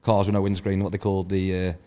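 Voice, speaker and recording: A man with a low voice tells stories at a rapid clip. He is brash and swears freely in casual podcast chat. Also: monotone, dark tone. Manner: brash storytelling, heavy swearing. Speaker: podcast guest, event organiser.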